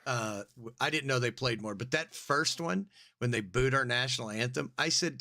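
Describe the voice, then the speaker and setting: A man's voice: normal speed, creaky. A man co-hosting a podcast, chatting casually and rambling with mocking voices. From United States. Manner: animated, rambling, puts on mocking squeaky voices. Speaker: podcast co-host. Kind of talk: casual comedic podcast chat.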